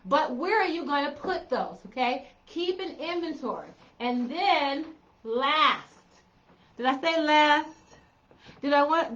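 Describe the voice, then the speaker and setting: Middle-aged woman organizer, high bright voice, playful and chatty, roomy and slightly dull sound. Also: lively intonation, slow pace. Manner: chatty, playful, repeats points for emphasis. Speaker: professional organizer. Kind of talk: casual tips vlog.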